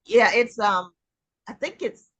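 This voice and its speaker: A woman's voice: a little high, takes it slowly, fairly bright tone. A woman co-leading a workshop, chiming in with fragmented, hesitant remarks. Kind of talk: casual chat.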